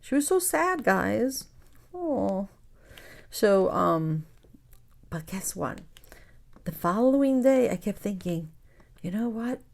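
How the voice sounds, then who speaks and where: Woman, crafting channel host, casual chat, gravelly voice, slips into whispers. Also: mid-range voice, expressive, takes it slowly, pauses often, a little mellow. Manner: chatty storyteller, calls her viewers "guys", drops to whispers.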